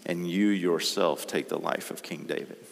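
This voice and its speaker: A man's voice: low voice, fairly even intonation, moderate pace, creaky, slight background noise. A man preaching a sermon, reading scripture aloud and pressing his points with rising emphasis. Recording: reverberant hall.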